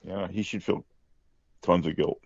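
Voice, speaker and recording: Man, very deep voice, wisecracking, casual podcast chat, dry and dull sound. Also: steady tone, a little slow, creaky, a little mellow, no echo. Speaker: podcast co-host. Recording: dry, slightly dull mic.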